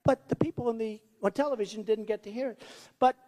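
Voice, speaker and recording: A man's voice: high-pitched, fast talker, warm tone. A man giving a rambling, boastful campaign rally speech, repeating himself and acting out the voices of people he quotes. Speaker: presidential candidate. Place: school hall at a rally. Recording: long hall reverb.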